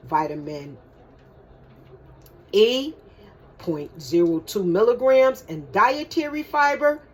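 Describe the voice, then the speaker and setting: An older woman hosting a casual home vlog, chatting slowly and calling her viewers "you guys". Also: medium pitch, slight background noise, rough recording. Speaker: host.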